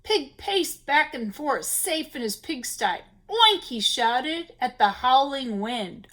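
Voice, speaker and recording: A woman reads a children's picture book aloud for story time, breaking in with gasps and little asides to her young listeners. Her voice is high and swoops widely. She takes her time over every line. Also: lively intonation, slow pace, fairly bright tone.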